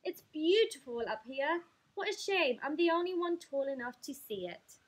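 A woman reading a story aloud, voicing a rude, boastful talking beanstalk with loud, slow taunts. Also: high-pitched, lively intonation, slightly rough. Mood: teasing.

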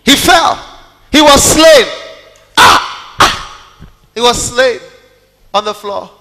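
A male pastor preaching a sermon and reading scripture, dramatic, swinging from hushed words to loud calls and acting out the quotes. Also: very high-pitched, lively intonation, slow. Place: large church hall. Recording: long hall reverb.

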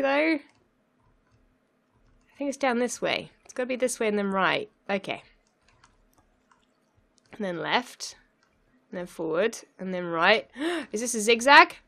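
A young woman with a gravelly, medium-pitched voice provides live let's play commentary on her own game. She's flustered and laughs often, talking herself through each moment.

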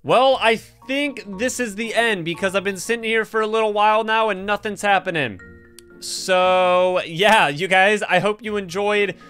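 A man giving live gameplay commentary as a gaming creator, excitable and talking to the game's characters and to his viewers. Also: high voice. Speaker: gaming YouTuber.

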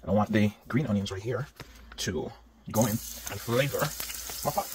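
A man's voice: fairly low pitch, moderate pace, noisy background. A man from Jamaica with a Jamaican accent, chatting upbeat to viewers while cooking dinner at home. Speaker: home cook. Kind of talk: cooking vlog narration. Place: home kitchen. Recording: home kitchen with loud sizzling pan.

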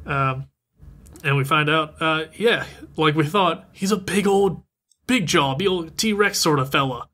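A man's voice: fairly high pitch, a little slow. A podcast host man recapping an anime in casual chat, laughing often. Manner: laughing often, animated retelling.

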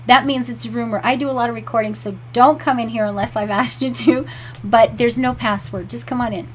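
A woman's voice: a little high, fairly even intonation, a little fast, a little hiss or hum. A North American woman hosting a casual online writing chat, bubbly and giggly, calling people sweetie and darling. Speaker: host of a writing livestream.

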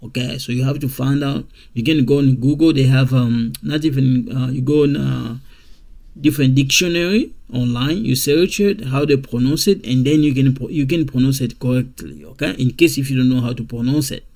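A man teaching a beginner English grammar lesson, repeating example sentences slowly with many fillers and checks. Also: mid-range voice, gravelly, a little mellow. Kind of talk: slow classroom grammar lesson.

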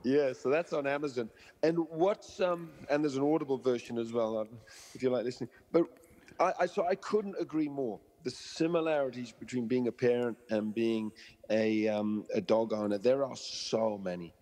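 A man's voice: medium pitch, moderate pace, darkish tone, long reverb tail. A man, a dog trainer being interviewed, who explains through stories and analogies and acts out the people he quotes. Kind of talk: interview conversation.

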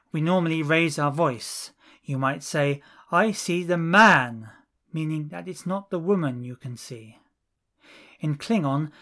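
Working through lesson drills, a language teacher sets each short phrase apart and says it clearly at a very slow, careful pace. The voice stays at a medium pitch.

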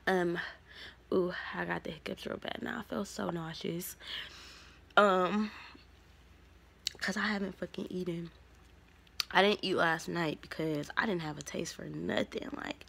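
A young adult woman vlogging a casual storytime, rambling, candid and profane, drifting between soft murmurs and louder bursts. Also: on the low side, gravelly.

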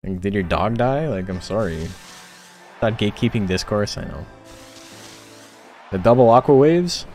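A man's voice: fairly low pitch, expressive, moderate pace, pauses often, a little mellow, soft background music. A man casually commenting on a game tournament stream, rambling with frequent filler words.

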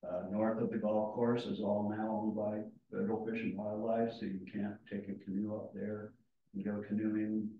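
A man gives his comment at a community planning session in a plain, firm way. His voice sits low and stays flat. The sound is distant and dull, with a strong echo from the meeting room. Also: normal speed. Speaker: resident giving public comment.

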